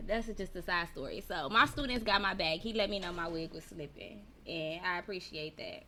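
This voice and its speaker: A woman's voice: lowish voice, moderate pace, hardly any pauses, a little hiss or hum. A woman who teaches, hosting a casual live-streamed podcast chat, talking to viewers, reading out their comments and laughing often. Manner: chatty, reads out viewer comments. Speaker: podcast host. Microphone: personal mic.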